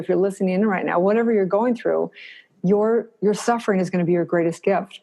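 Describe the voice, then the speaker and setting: Gravelly, earnest middle-aged woman. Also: medium pitch, mellow. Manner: earnest, encouraging, repeats phrases for emphasis. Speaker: podcast guest. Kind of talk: reflective interview answers.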